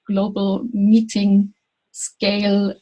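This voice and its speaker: A woman's voice: mid-range voice, completely flat delivery, drawn-out words, mellow, rough recording. A woman introducing herself on a video call, searching for words and repeating herself. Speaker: course participant.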